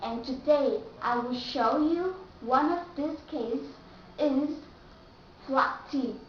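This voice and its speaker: A high-voiced woman with a Vietnamese accent teaches a slow, careful English pronunciation lesson, repeating each example word. She sits some distance from the mic in a very echoey room, and the sound is dull and muffled. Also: a little hiss or hum.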